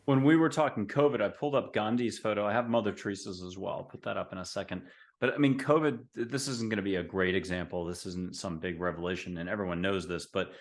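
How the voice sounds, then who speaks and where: A man's voice: deep voice, fast talker. A man hosts a talk show over a video call. He chats casually and rambles through upbeat asides. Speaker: host.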